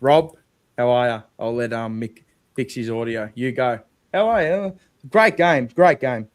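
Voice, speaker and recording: Australian man, fan stream host, smooth resonant voice, dry close sound, sarcastic and sweary. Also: medium pitch, unhurried, dry recording. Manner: blunt, profane, sarcastic banter. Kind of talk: live post-game fan chat.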